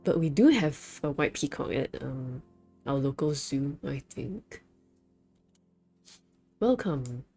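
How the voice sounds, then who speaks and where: Slow, low-voiced woman streamer. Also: lively intonation, warm tone, soft background music. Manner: hesitant, rambling, self-correcting. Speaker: VTuber streamer. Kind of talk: casual chat while playing a game.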